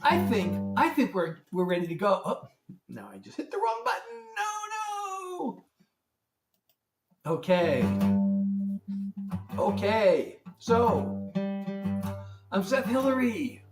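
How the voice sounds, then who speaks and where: A man's voice: sits high, big pitch swings, measured pace, recorded from a distance. A man hosting his own music livestream, chatting casually, greeting viewers by name and fumbling with the setup. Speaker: singer-songwriter hosting a livestream. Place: room at home lit by a ring light. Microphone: phone. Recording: echoey room, voice heard from off the mic.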